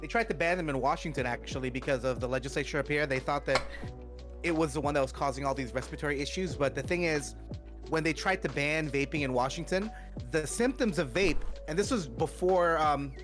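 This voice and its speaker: A man with a fairly high voice talks in an upbeat, hyped way on a group gaming call and thanks his viewers as he goes. Faint game music sits behind him. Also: a little fast. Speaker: co-op player and streamer on voice chat. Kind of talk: casual voice chat.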